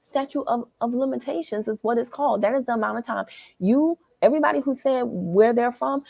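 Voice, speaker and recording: A woman with a Southern American accent hosting a livestream, talking straight to her viewers in a worked-up, animated way from a hotel lobby. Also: on the high side, brisk, vocal fry, no echo. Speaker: livestream host. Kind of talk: animated live chat reading comments.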